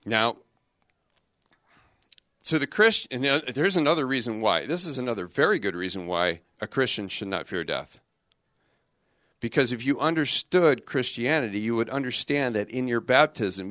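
A middle-aged man, a religious brother, giving a lively youth talk in a conversational, joking way full of rhetorical questions. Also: mid-range voice, moderate pace, no echo, clean studio sound.

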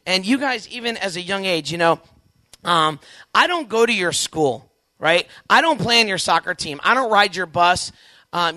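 Animated high-voiced man giving a testimony talk. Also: no echo. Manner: animated, acts out quoted dialogue with big shifts in pitch and volume. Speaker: Catholic speaker addressing young people. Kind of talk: lively testimony talk to a youth audience.

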